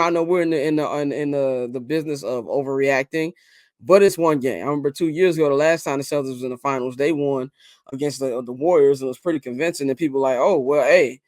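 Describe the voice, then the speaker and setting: Male podcast host, everyday mid-pitched voice, dry mic, loose and excitable. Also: a little fast, dry recording. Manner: animated, fillers and restarts, leads the discussion. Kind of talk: casual sports talk.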